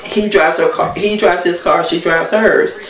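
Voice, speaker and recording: A woman's voice: lowish voice, fairly even intonation, measured pace, fairly bright tone, distant mic. A woman giving a blunt, gossipy casual recap, talking straight to her viewers. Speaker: TV recap vlogger. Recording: echoey room, voice from off-mic.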